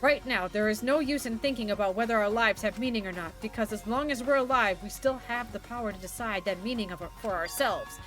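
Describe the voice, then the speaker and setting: Profane, high-voiced woman streamer. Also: fairly quick, hardly any pauses, a bit bright. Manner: casual and profane, reads game dialogue aloud with gusto. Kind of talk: live let's-play commentary. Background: game music.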